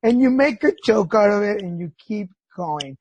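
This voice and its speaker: A man's voice: sits high, lively intonation, normal speed, a little mellow, husky, muffled recording. A middle-aged man hosting a podcast in a casual chat, telling candid stories with feeling and swearing freely. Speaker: podcast host.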